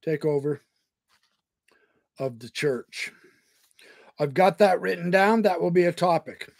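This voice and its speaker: A man's voice: high voice, unhurried, gravelly, no room sound, clean studio sound. A man hosting a live podcast. He is eating while he talks and jokes at his own expense as he reads viewer topic requests. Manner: jokey, self-mocking, talks with his mouth full. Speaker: podcast host.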